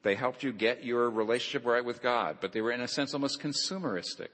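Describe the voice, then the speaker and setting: A man's voice: mid-range voice, quick pace, a bit bright. A man giving a lecture-style sermon who stresses his points by repeating key phrases. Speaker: preacher. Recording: long reverb of a large hall.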